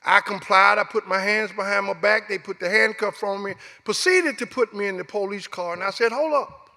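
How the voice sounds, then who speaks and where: A middle-aged Alabama man with a Southern accent tells a personal story as a guest speaker, acting out the dialogue. His voice is high, brisk, bright and forceful, and the hall around him echoes.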